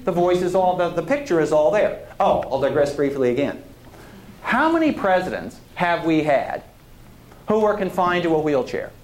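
Guy lecturing on history, lively voice bouncing all over, kinda high, echoey lecture hall. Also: normal speed, a little hiss or hum. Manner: conversational, digressive, asks the audience questions. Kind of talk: public lecture.

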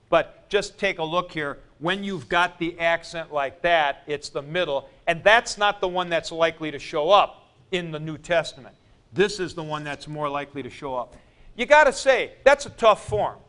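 A man teaching a Greek grammar lesson in a classroom, spelling out word forms deliberately, syllable by syllable. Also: a little high, fairly bright tone, clear, resonant tone. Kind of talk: classroom lecture.

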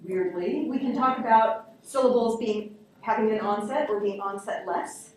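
A woman's voice: medium pitch, moderate pace. A woman teaching a linguistics class, explaining ideas and answering student questions. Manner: explanatory, answers questions, repeats examples aloud. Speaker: linguistics instructor. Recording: echoey classroom captured from a distance.

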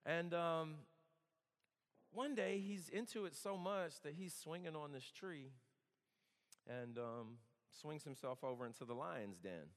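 Guy in his 30s preaching, chatty storyteller, kinda high voice, long hall echo. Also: unhurried. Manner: conversational, joking, earnest. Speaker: campus worship speaker. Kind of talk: storytelling sermon.

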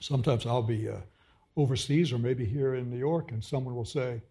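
A man's voice: medium pitch, fairly quick, mellow. Man with a mild Austin, Texas accent. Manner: fluent storyteller with a dry wit. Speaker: professor and interviewer. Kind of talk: onstage conversation.

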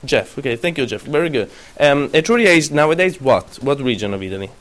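A man's voice: medium pitch, animated, fast, fairly bright tone. A man lecturing a class, often stopping to question students and correct himself.

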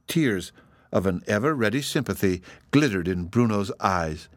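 A man reading a storybook aloud as narrator in an expressive, measured way. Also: on the low side.

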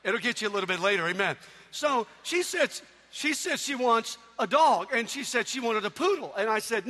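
A man preaching a sermon in a church, telling humorous stories with animated delivery. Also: very high voice, normal speed, in a large hall.

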